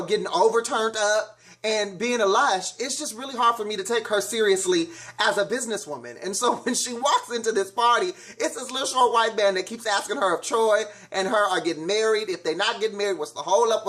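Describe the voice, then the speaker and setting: A man's voice: high voice, normal speed, pushed and bright. A man hosting a casual review vlog, giving sassy, blunt commentary on reality TV in a slangy way.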